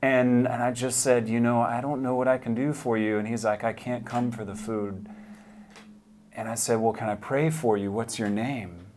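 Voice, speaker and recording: A man telling a personal faith testimony, earnest and vivid, going hushed and quiet at the moving parts. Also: mid-range voice, fairly even intonation, normal speed, hardly any pauses, background noise. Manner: earnest, hushed when moved, vivid retelling. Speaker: speaker sharing a testimony.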